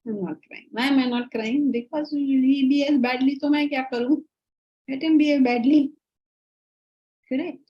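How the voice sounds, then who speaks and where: A woman teaching a Vedanta class in a lively, conversational way, often asking her students rhetorical questions. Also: high voice, fairly quick. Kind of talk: online class lecture. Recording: muffled lo-fi audio.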